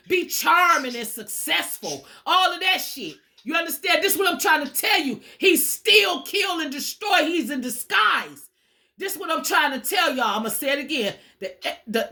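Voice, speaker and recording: A woman's voice: sits high, sharp tone. A woman giving an informal sermon-style talk, emphatic and repetitive, casually swearing and calling her listeners "y'all". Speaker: spiritual teacher.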